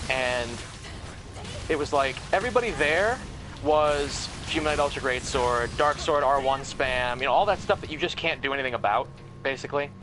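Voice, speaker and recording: Man co-player, casual gaming chat, rambling, faint background noise. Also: mid-range voice.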